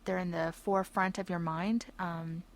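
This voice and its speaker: A woman's voice: fairly low pitch, little pitch movement, normal speed. A woman co-hosting a radio talk show, asking thoughtful, curious questions. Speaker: radio co-host.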